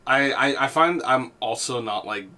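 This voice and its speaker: A man's voice: mid-range voice, moderate pace, sharp tone. A man co-hosting a podcast, laid-back and chiming in with quips. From Canada. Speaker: podcast co-host. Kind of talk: casual chat.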